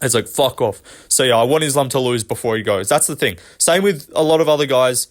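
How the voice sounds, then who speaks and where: A man's voice: mid-range voice, brisk. A young man hosting a commentary vlog, ranting with frequent swearing and exasperation. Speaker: MMA commentary channel host.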